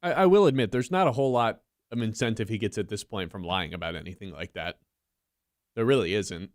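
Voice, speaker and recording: Low-voiced, measured sports radio host. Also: male voice, dry recording, clean studio sound. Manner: measured, analytical, teasing.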